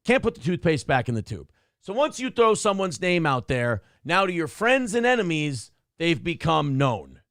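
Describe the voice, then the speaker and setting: A man's voice: fairly high pitch, big pitch swings, moderate pace, fairly bright tone, no echo, studio quality. A man co-hosting a talk show, giving blunt, profane commentary and ranting about the people in the clips. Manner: blunt, ranting, mocks others with put-on voices. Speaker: morning show co-host.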